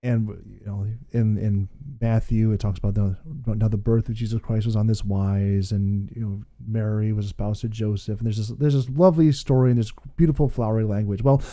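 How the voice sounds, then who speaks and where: A man's voice: on the low side, steady tone, brisk, hardly any pauses, dark tone. A man hosting a casual podcast, rambling and amused as he talks. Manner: rambling, amused, reads excerpts aloud. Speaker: podcast host.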